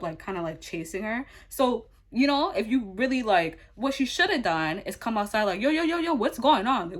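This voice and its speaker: A woman's voice: mid-range voice, fairly bright tone. Young woman vlogger rambling thru a storytime, lots of fillers n swearing, super casual.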